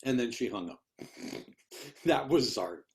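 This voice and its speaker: An older man speaks at an unhurried, slow pace in a mid-range voice. He tells rambling anecdotes in a relaxed discussion. He often repeats words while he searches for the next thought. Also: mid-range voice, gravelly. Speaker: interviewee, retired orchestral piccolo player. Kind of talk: conversational storytelling in a discussion.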